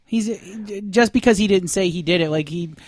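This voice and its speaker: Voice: mid-range voice, moderate pace, no room sound, studio quality. A player in a casual tabletop role-play, talking bluntly and jokingly.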